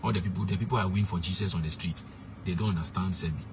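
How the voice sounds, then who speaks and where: A man's voice: low voice, fast, background noise. A young man, a street preacher giving blunt, emphatic advice and slipping into pidgin. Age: young adult.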